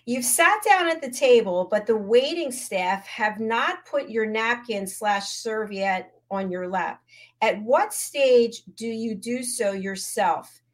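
A woman hosting a relaxed talk show, leading the chat with friendly questions. Her voice sits a little high, and she reads out quiz items evenly. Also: takes it slowly. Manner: friendly, steering the conversation with questions. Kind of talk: casual chat show conversation.

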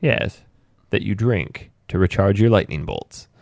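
A man's voice: on the low side, expressive, unhurried, gravelly, a little mellow, dry recording, clean studio sound. A man co-hosting a podcast in casual, laid-back chat, joking with his friends. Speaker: podcast co-host.

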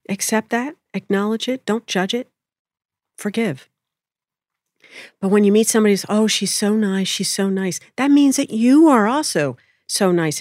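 Woman sharing a spiritual story, gentle and reflective, dry close mic. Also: mid-range voice, no room sound. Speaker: spiritual speaker. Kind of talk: casual storytelling chat.

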